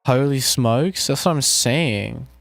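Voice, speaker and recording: A man's voice: medium pitch, slow, gravelly, dry recording. Casual man chatting while making beats. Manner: relaxed, jokey, talks to chat while working. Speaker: music producer streaming. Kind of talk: casual live-stream chat while producing music.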